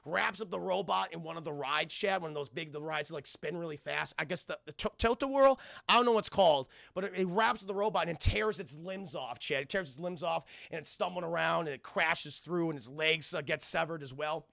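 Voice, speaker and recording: A young man casually recapping a cartoon episode for a live stream chat, excitable, laughing often and tripping over his words. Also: fairly high pitch, moderate pace, gravelly, no room sound, studio quality.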